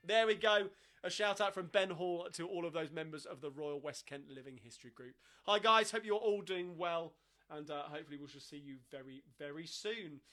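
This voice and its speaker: A man's voice: a little high, brisk. A man hosting a live sing-along stream, chatting between songs in a rambling, filler-heavy way. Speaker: sing-along host and pianist. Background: loud piano playing.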